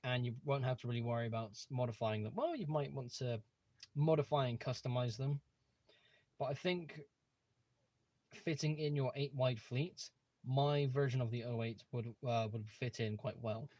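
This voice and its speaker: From a room at home, a young male host chats casually on a livestream in a darkish, mid-range voice. He speaks at a normal pace with no room sound, rambling eagerly and often restarting amid plenty of fillers.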